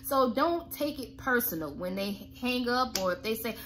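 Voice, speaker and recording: A woman's voice: on the high side, expressive, normal speed, fairly bright tone, a little hiss or hum. A woman who owns a cleaning business, giving blunt, sassy, folksy coaching tips to camera.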